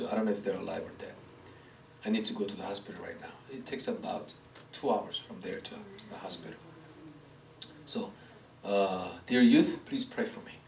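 A middle-aged man with a Korean accent, a native Korean speaker, preaching a lively personal testimony as a pastor, acting out voices and laughing often. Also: lowish voice, creaky. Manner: animated storytelling, acts out voices, laughs often, sings. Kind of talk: sermon testimony. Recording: echoey room from far off, faint noise.

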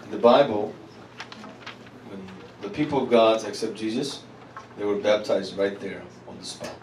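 A male pastor preaching a sermon, drawing call-and-response from the congregation and building to loud declarations. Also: lowish voice, steady tone, moderate pace, slight background noise. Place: church hall. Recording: echoey hall, miked from a distance, congregation audible.

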